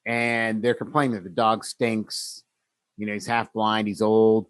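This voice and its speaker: A man's voice: fairly low pitch, level tone, a little slow, smooth, no room sound. Dry-sounding man retelling a story. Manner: retells scenes acting out characters' lines. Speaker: podcast co-host. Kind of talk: casual storytelling chat.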